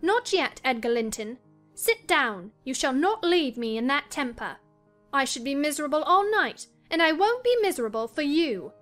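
A woman's voice: sits high, very animated, moderate pace, fairly bright tone, faint music behind, voice pushed up. A woman reading a dramatized novel, voicing Catherine, a hot-tempered, spoiled young woman with an imperious, petulant manner. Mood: pleading, imperious.

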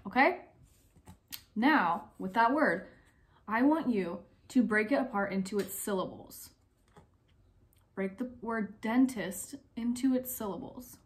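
A young woman teacher giving a recorded phonics lesson to young pupils, speaking clearly, asking questions and pausing for answers. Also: fairly high pitch. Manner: slow, clear, encouraging teacher talk, asks questions and pauses.

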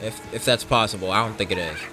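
A young man commentating his racing game run in casual talk, profane and excitable, jumping from yells to low mutters. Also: fast talker, music in the background. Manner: profane, excitable, swings between shouting and muttering. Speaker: gameplay commentator. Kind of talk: casual let's play commentary.

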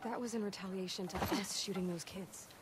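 An actress playing a steady young female militia soldier in a video game, giving calm, low-key orders. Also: a little fast, very noisy, lightly acted. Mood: wry.

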